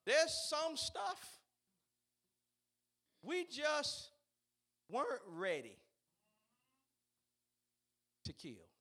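A man preaching a sermon, swinging between shouted, fiery peaks and quiet, conversational asides. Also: very high-pitched, huge pitch swings, very slow, pauses often. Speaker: pastor.

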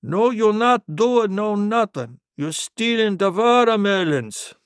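A man doing a high, scolding old grandpa. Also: expressive, slow, clear, resonant tone, no room sound, studio quality. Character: stern grandfather scolding a boy, gruff and rural.

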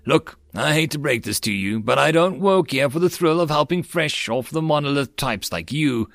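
A man's voice: on the high side, animated, no room sound, pitched above the performer's own voice. A man voicing a sarcastic bird-like alien clerk. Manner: dry, sarcastic, drawn-out.

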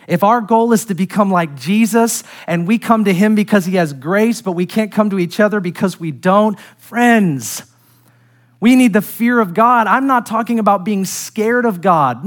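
A middle-aged man preaching a sermon, earnest and direct with the congregation, building to emphatic peaks and dropping quiet again. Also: high-pitched, lively intonation, moderate pace. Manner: direct address to congregation, self-deprecating humor. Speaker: pastor.

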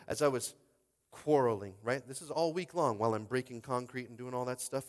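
A male pastor preaching a sermon in a conversational style, swinging between loud exhortation and hushed speech and often asking the crowd if they are with him. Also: medium pitch, long reverb tail. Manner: conversational, asks the crowd for response.

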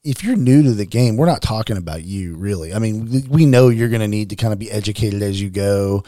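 A man's voice: lowish voice, fairly quick, dark tone, no room sound, studio quality. A man co-hosting a casual tabletop-gaming chat, explaining his points at length with fillers. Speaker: podcast co-host.

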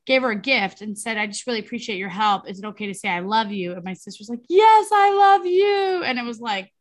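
A woman's voice: mid-range voice, fast, a bit bright. A woman in her forties co-hosting a podcast, telling long rambling stories full of fillers in casual chat. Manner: chatty, rambling storyteller with many fillers. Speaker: podcast co-host.

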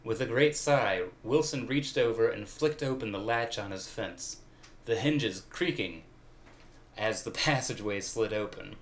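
A man giving a comedic reading of fan fiction aloud in a mock-dramatic, deadpan way. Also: on the low side, unhurried, reverberant, a little hiss or hum. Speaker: reader.

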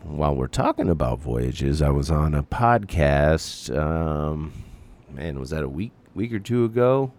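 A man with an extremely deep, gravelly voice hosting his podcast. His talk rambles casually, with lightly sworn asides. His pitch still swings about in an animated way. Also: a little slow. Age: adult parent. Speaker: podcast host. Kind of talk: casual chat.

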